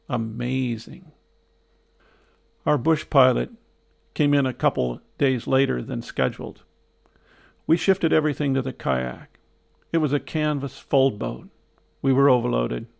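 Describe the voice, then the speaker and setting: An older man telling a first-person adventure story in measured, reflective, clipped phrases. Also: medium pitch, creaky. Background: soft guitar music.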